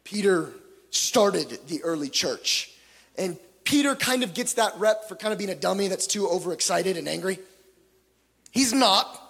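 A man preaching a sermon with passion, swinging from loud pleading to hushed tones, with joking asides. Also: sits high, expressive, normal speed, gravelly, slightly rough. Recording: long hall reverb.

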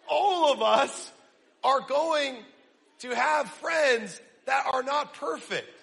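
A young man preaching a casual, energetic sermon, using slang and quizzing his audience. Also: very high-pitched, vocal fry. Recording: long reverb of a large hall.

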